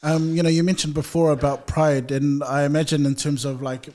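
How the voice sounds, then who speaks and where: A man's voice: a little high, level tone, brisk, darkish tone. A man hosting an interview, encouraging and supportive, asking long, winding questions. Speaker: podcast host. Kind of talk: casual interview chat.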